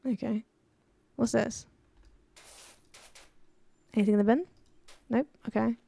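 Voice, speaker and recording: A woman's voice: fairly high pitch, fairly even intonation, slow pace, creaky, dark tone, dry recording. A woman streaming a game, chatting casually, giggling and reading chat aloud, her voice a little worn. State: voice a bit worn.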